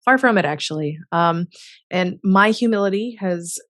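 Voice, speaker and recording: A woman's voice: mid-range voice, moderate pace, fairly bright tone, no echo, studio quality. A woman speaking as a guest in an interview, candid and emphatic, sprinkling her talk with "like" and frequent laughter. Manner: emphatic and self-assured, heavy use of "like"; laughs often. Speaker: author and business co-founder, interview guest.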